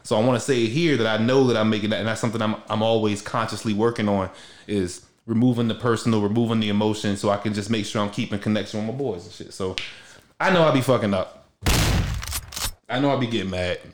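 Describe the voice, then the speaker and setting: A man's voice: fairly low pitch, fairly even intonation, fast talker, slight background noise. Slangy young man in an echoey room. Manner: loose, slangy, rambling with frequent restarts. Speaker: podcast host. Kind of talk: casual heartfelt conversation.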